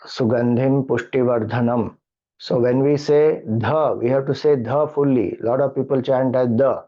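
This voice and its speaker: A middle-aged man with an Indian English accent, a spiritual teacher patiently explaining mantra chanting and chanting slowly. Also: medium pitch, fairly even intonation. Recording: dull lo-fi audio.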